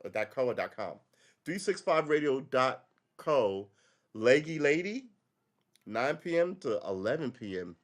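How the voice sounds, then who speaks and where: A man's voice: mid-range voice, big pitch swings, measured pace. A man hosting a casual live-stream podcast, ranting in a rambling, wry way that wanders off on tangents. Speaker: podcast host.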